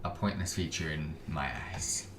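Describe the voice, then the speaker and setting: A gaming streamer reacts to videos with casual, sarcastic commentary, often trailing off and cutting himself off mid-sentence. He has a bass voice at a moderate pace, in a roomy space with loud music behind him.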